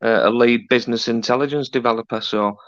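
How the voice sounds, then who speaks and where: A man's voice: mid-range voice, steady tone, fast, fairly bright tone, slight background noise. A man chatting as a guest on a live stream, hesitant and full of "uh" and "um" fillers. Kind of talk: casual chat. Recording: dry, muffled lo-fi audio.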